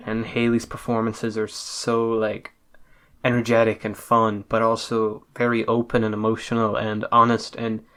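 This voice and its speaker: Podcast guy hyping an album, lots of swearing, pretty monotone. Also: on the low side. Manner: enthusiastic, swears a lot. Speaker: podcast co-host. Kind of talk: casual podcast chat.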